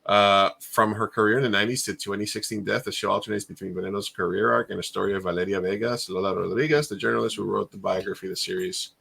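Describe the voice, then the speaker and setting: A man with a gravelly, bright-edged voice chats casually as co-host. He rambles on, trailing off and picking up again, and his pitch sits a little low. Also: fast talker, few pauses. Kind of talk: casual chat reacting to a list.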